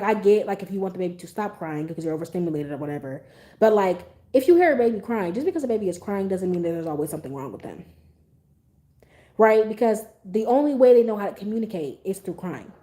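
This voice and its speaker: A young adult woman hosting a podcast, talking in a casual, blunt and animated way and swearing freely. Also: medium pitch. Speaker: podcast host. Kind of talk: casual opinion monologue.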